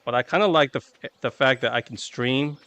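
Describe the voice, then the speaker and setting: A man streams a video game and chats casually with his viewers through a desk microphone, rambling and poking fun at himself. His mid-range voice is fairly quick, a bit bright, and smooth. The recording is dry with a lo-fi sound.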